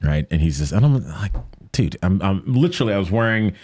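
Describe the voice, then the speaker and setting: A man telling a story casually as a guest, animated, acting out quotes in a higher voice. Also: fairly quick, dry recording.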